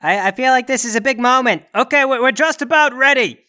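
High bright-voiced man giving orders. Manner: bossy, giving quick orders. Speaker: player. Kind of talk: tabletop game play.

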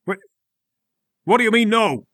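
A man's voice: sits high, expressive, unhurried, pitched above the performer's own voice. A man voicing a hulking bald male fighter, brash and impatient, in a blustering tone. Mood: demanding. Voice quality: loud and blustering.

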